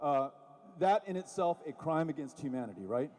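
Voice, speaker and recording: A man with a fairly high voice delivers a political rally speech into a stage microphone. He mixes sarcasm with rising, impassioned emphasis. His voice trails into the long reverb of a large venue. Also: animated, moderate pace, a little mellow, slight background noise. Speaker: rally speaker.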